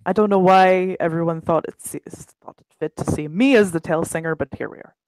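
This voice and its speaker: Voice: medium pitch, quick pace, a little mellow, no echo, close to an everyday voice, poor audio. A game master voicing a male werewolf tale singer who addresses a gathered crowd in a plain, modest way.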